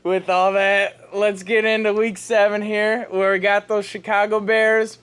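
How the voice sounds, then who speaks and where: High-pitched man hosting sports chat. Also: little pitch movement, measured pace, fairly bright tone, clean tone. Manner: matter-of-fact, sets up segments. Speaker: fantasy football podcast co-host.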